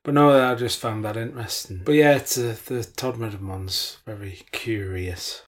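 A woman's voice: rumbling low, normal speed, a crowd in the background. A woman co-hosting a podcast in casual chat, hesitant and playful. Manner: hesitant, many fillers, playful. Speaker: podcast co-host.

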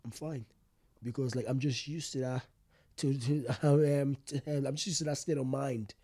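Young man, halting and candid. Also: mid-range voice, little pitch movement, warm tone, breathy edge, no echo. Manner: halting, repeats words, frequent "you get me", laughs often. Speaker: stand-up comedian, guest. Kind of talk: candid interview conversation.

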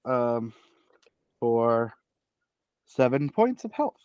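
A man playing a tabletop game, his pitch rising and falling a lot. He talks hesitantly, thinking aloud with pauses. The sound is dry and close. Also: very animated, darkish tone, clean tone, dry recording. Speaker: player. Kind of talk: casual tabletop game chat.

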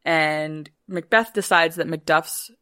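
A woman with a fairly low voice tells a story in a relaxed podcast chat. She is playful and swears freely, and she briefly acts out the characters' lines as she goes. The recording is dry and close to the mic. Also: slow, no echo. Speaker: podcast guest retelling a play.

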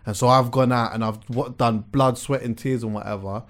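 A young man hosting a podcast, talking in a relaxed, reflective way with plenty of slang. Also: medium pitch, fairly quick. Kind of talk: casual chat.

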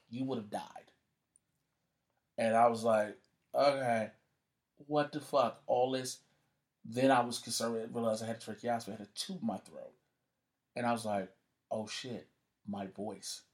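A man's voice: mid-range voice, normal speed, long pauses. A man telling a story in a casual conversation as a guest, cursing freely and acting out the voices of the people he quotes. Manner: profane, animated, acts out quoted voices.

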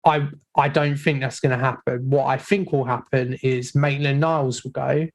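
A man in a casual football podcast chat, giving measured opinions and hedging often. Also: mid-range voice, fairly even intonation. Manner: measured, hedging with repeated "I think".

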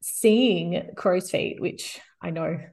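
A woman guest expert in an interview, explaining calmly and steadily with frequent "you know" fillers. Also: fairly low pitch, extremely slow, vocal fry.

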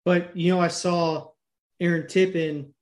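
A man co-hosting a podcast, talking in a crude, rambling, animated way and telling stories full of swearing. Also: sits high, a little slow. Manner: profane, rambling, animated storytelling. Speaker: podcast co-host. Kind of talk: casual crude chat.

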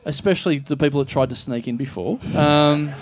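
An Australian man co-hosting a live comedy podcast, telling stories in an animated, sweary way. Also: on the high side, brisk. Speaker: podcast co-host.

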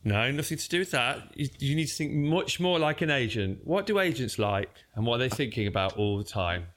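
A man chats and tells stories on a podcast in a middle-pitched voice. He tells them animatedly, acting out the voices of the people he meets. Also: fairly quick. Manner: animated storyteller, puts on voices in quotes. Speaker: podcast co-host. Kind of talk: casual chat, storytelling.

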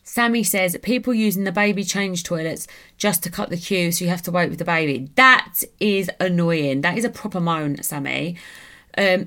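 A young woman with a British accent hosts a casual chat podcast. Her voice sits a little low for a woman, and she tells stories with animated quoted dialogue. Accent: British English. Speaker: podcast host.

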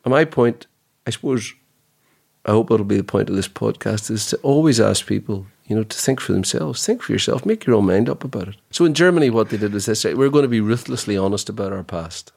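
Man, podcast co-host, low pitch, gravelly voice, emphatic, sardonic. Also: expressive, fairly quick, a little mellow. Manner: emphatic, sardonic, repeats points for stress. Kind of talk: casual podcast debate.

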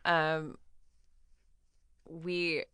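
A woman co-hosting a podcast in casual chat, rambling and quick to laugh. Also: sits low, level tone, fairly bright tone, smooth, dry recording. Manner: chatty, rambling, laughs easily. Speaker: podcast co-host.

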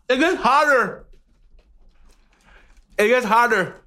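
A podcast host chatting casually, loud and swearing, coughing and laughing in pain from a very spicy chip. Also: male voice, very high voice, huge pitch swings, drawn-out words. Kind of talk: casual chat.

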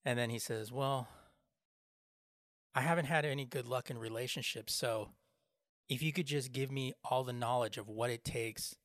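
A man's voice: medium pitch, fairly even intonation, moderate pace, fairly bright tone, no echo, studio quality. A man co-hosting a podcast, telling a joke in casual comedic chat with lots of fillers and laughter. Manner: laughs a lot, tells jokes with filler words. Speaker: podcast co-host.

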